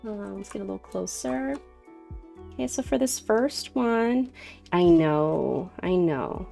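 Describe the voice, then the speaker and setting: Casting note: chatty woman in her thirties, streamer doing card readings, gravelly fry, faint music under her. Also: medium pitch, animated, takes it slowly. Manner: chatty, greets viewers warmly by name, laughs often. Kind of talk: casual live-stream chat.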